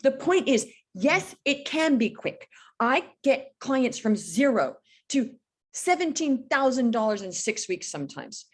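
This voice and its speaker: A woman in her fifties, a business coach being interviewed, talking in an energetic, emphatic way and telling stories with feeling. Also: a little high, moderate pace. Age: 50s. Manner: energetic, emphatic, animated storytelling. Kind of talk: podcast interview.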